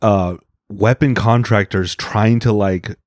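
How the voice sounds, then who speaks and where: Blunt, animated male comedian, dry sound. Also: on the low side, slow pace, dry recording. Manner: animated storyteller, blunt, acts out other people's voices. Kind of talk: casual podcast chat.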